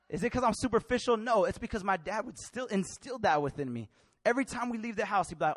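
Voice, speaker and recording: Young male preacher, high voice, dry close sound, passionate with loud-to-quiet swings. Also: lively intonation, fast, dry recording. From Mexican family. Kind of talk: sermon.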